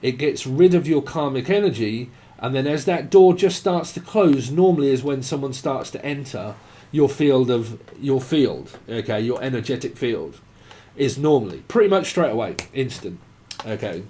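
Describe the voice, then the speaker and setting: A man's voice: medium pitch, animated, normal speed, warm tone. A man giving a tarot reading, free-associating names and words, swearing and now and then singing snatches of songs. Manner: rambling free association, swearing, breaking into song. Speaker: tarot reader.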